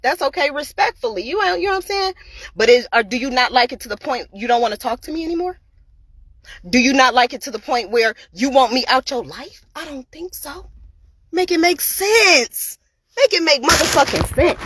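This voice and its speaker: A woman in her forties vents straight into her phone camera, her high voice swinging widely up and down as she hammers each point. She is blunt, profane and repetitive, with a faint hum of noise underneath. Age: 40s. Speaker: school cafeteria worker. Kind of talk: profane personal rant to camera.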